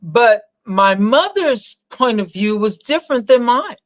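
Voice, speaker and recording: A woman's voice: on the high side, unhurried, no room sound. An older woman telling a family story in a casual conversation with her son, acting out the people she quotes. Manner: animated storyteller, acts out quoted voices. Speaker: guest, mother of the host.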